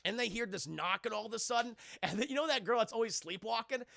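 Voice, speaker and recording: A man's voice: extremely high pitch, animated, quick pace, creaky, bright, forceful tone, no room sound, clean studio sound. A man casually recapping a horror film for his live chat, swearing freely and acting out the scenes. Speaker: livestream film reviewer.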